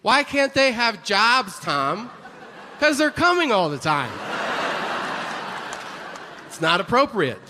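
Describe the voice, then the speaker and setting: A male stand-up comedian working a live audience through a handheld mic, swinging his pitch widely as he acts out the people in his stories. His voice is bright and punchy, slightly raised, with faint ambient noise around him. The storytelling is animated and profane. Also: slow, pauses often, long reverb tail. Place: stage before a live audience.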